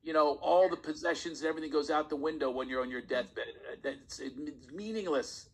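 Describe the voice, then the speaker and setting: Man, husky voice, comedian guest, animated storytelling, laughs mid-sentence. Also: a little high, a little fast, rough recording. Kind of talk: casual podcast storytelling.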